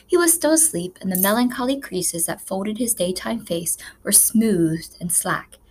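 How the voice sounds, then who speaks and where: A woman reading a children's novel aloud as a narrator, with measured, expressive storytelling. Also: mid-range voice, breathy edge. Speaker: audiobook narrator. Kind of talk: scripted narration.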